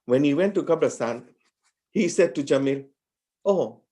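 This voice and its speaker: A middle-aged man from Mombasa, Kenya, giving a heartfelt memorial tribute in a halting, emotional way that restarts sentences. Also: a little high, warm tone. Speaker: speaker at a memorial gathering.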